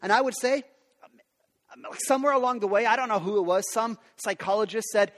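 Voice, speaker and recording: A man with a notably high voice preaches to parents, speaking earnestly and conversationally. His words ring out with a long hall reverb, as if heard in a large sanctuary. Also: fairly quick, fairly bright tone. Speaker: pastor. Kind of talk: sermon.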